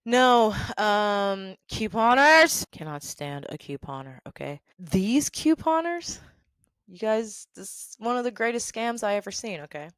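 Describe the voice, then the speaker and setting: A woman's voice: mid-range voice, sing-song, a little slow, smooth, no echo. A woman telling work stories in a sassy, emphatic, casual way, often laughing and checking in with "okay?". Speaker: storytelling vlogger. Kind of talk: animated casual storytelling.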